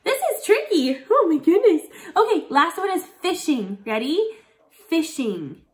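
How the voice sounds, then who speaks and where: A woman teacher leading a phonics lesson for children, sounding out words slowly and encouraging her viewers. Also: very high voice, big pitch swings. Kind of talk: early reading lesson for children. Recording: echoey room.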